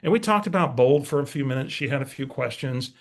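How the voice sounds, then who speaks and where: Folksy man with gravelly voice. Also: medium pitch, animated, fast. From San Antonio, Texas. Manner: storytelling, folksy, direct to audience. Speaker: real estate coach. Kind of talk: motivational talk.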